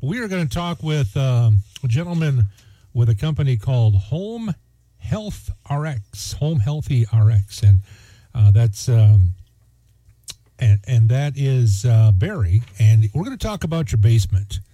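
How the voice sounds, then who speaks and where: Dark-voiced joking radio host man. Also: mid-range voice, big pitch swings, unhurried, no echo. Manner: joking, rambling, many fillers. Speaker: radio morning show host. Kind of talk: casual morning radio chat.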